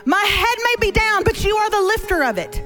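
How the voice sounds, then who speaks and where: A middle-aged woman preaching as a guest speaker from a church stage, telling stories with animated humor. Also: extremely high pitch, brisk, soft background music. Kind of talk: sermon. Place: church stage before a congregation.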